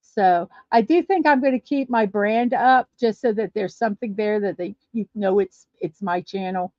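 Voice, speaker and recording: A woman's voice: medium pitch, moderate pace, darkish tone, dry recording. A woman hosting a casual livestream, chatting and reading viewer comments aloud. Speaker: livestream host. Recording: dull lo-fi dry stream audio.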